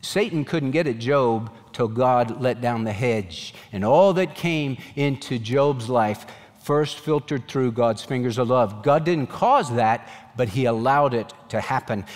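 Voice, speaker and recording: A man's voice: medium pitch, animated, measured pace, big-room sound. A man preaching a sermon as pastor, earnest and emphatic, raising his voice in pleading questions.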